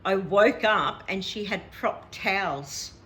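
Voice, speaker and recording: A woman's voice: medium pitch, takes it slowly, a bit bright. A middle-aged woman, chatting casually as a vlog host and laughing often as she tells a story. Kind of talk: casual chat.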